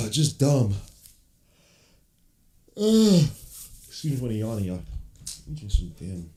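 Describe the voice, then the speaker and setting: A man's voice: on the low side, lively intonation, fairly quick, warm tone. A man hosting a basketball podcast, reacting live to a game with blunt, frustrated, cursing rants. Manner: blunt, frustrated fan ranting, swears casually. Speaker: podcast host. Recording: roomy echo.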